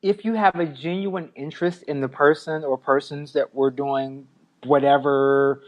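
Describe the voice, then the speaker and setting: A man co-hosting a casual podcast, giving relaxed advice point by point and laughing lightly. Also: a little high, measured pace, dull audio. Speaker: podcast co-host.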